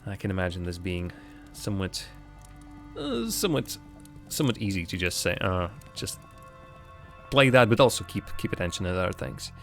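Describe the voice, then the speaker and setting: A man giving casual, rambling commentary while streaming a game live, chatting with viewers and laughing often. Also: medium pitch.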